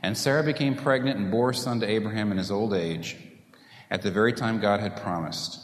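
A man preaching a sermon, putting rhetorical questions to the congregation in an animated way. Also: lowish voice, fairly quick. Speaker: pastor. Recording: echoey hall with faint room noise.

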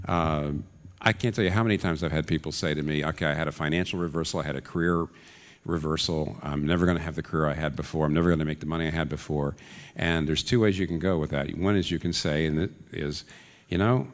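A man preaching a sermon in an earnest way, his voice climbing into urgent questions. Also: sits low. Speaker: pastor. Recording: long reverb of a large hall.

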